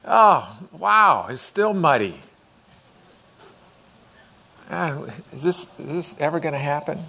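A middle-aged man preaching to his congregation in a loose, conversational way. He slips into acted voices and lets his intensity climb, and his voice sits slightly high for a man. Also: big pitch swings, unhurried, creaky, bright, forceful tone. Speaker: pastor. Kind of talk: sermon.

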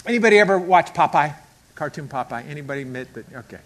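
A male pastor preaching a sermon emphatically. He acts out quotes and swings between hushed and loud delivery. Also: fairly high pitch, expressive, fast talker.

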